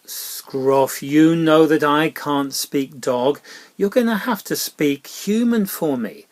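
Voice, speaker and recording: A man giving a gentle children's Bible talk with a puppet, soft and coaxing like a parent, often dropping into whispered asides. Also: fairly high pitch, slow pace.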